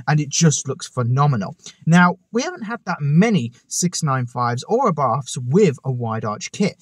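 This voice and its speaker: A man's voice: medium pitch, dry recording. A man hosting his own car channel, talking casually to camera outdoors, enthusiastic and full of chatty asides. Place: outdoors on a hot day. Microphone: camera on a tripod.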